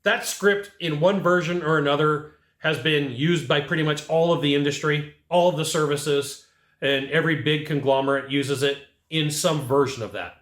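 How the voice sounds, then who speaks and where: A man's voice: a little high, fairly bright tone. A middle-aged man coaching sales staff to camera, talking emphatically in punchy bursts and often tagging his points with "right?". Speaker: HVAC sales trainer. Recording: echoey room.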